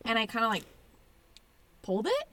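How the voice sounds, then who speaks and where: A woman in her thirties co-hosting a casual chat, an animated storyteller with lots of "like.". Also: on the high side, moderate pace. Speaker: podcast co-host.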